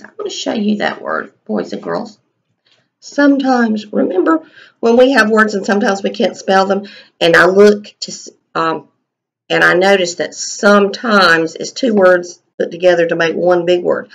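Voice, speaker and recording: Slow, gravelly kindergarten teacher. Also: female voice, mid-range voice, animated, a bit bright, low-quality recording. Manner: slow, sounding out words and asking the class questions. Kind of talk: teaching a writing lesson to young children.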